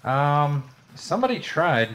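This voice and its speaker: A man's voice: a little high, sing-song, slow, fairly bright tone, soft background music. A man chatting casually while playing a co-op game, laid-back but given to sudden swearing outbursts. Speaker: gamer. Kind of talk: casual co-op gameplay chat.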